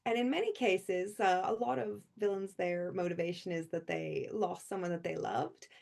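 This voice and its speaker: Woman author, gravelly fry, loose rambling chat full of laughs. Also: lowish voice, moderate pace, darkish tone. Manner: rambling, laughs often between thoughts. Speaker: author speaking at a convention livestream. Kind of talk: chatty informal talk before a reading.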